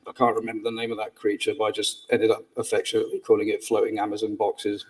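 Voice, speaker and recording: A man's voice: lowish voice, completely flat delivery, quick pace, recorded from a distance, rough recording. A man giving a conference talk on game sound design in a casual, rambling way with fillers and restarts.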